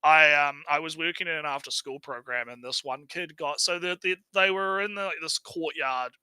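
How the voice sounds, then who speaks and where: A man's voice: on the high side, normal speed, bright, forceful tone, clear, resonant tone, no echo, low-quality recording. A man co-hosting a stream in casual chat, rambling and tagging his points with "right?" while repeating words as he starts. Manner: rambling, tags lines with "right?". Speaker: stream co-host.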